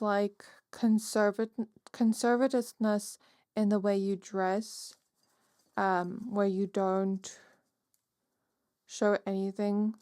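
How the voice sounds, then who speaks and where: A woman's voice: medium pitch, darkish tone, no room sound, clean studio sound. A woman giving a casual pick-a-card tarot reading, musing aloud with many fillers. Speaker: tarot reader.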